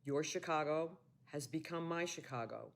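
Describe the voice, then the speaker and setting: A man's voice: fairly high pitch, normal speed, vocal fry. Man reading a sincere congratulatory message. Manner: sincere, read from a script.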